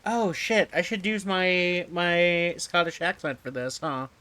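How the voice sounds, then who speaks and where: A man streaming a game live, talking slowly and offhandedly with his viewers. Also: high-pitched, fairly even intonation, pushed and bright, smooth. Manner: slow, offhand, chatting with viewers. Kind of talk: live gameplay commentary.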